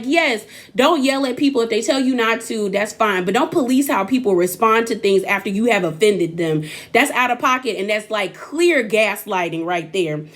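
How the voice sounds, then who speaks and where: A young woman recapping a reality show in casual chat, sassy and animated, acting out what people said. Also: on the high side. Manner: sassy, animated, acts out quotes.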